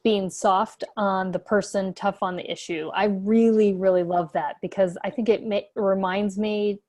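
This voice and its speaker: A woman's voice: mid-range voice, fairly even intonation, unhurried, a little mellow. A woman hosting a webinar, chatting casually and enthusiastically. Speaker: webinar host.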